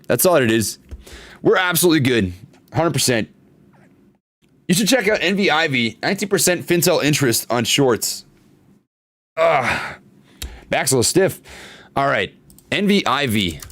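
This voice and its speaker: Animated man hosting a stock livestream. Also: medium pitch, no echo. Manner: animated, talks with filler words and repeats. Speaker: stock market livestream host. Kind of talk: casual livestream chat reading viewer comments. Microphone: desktop studio microphone.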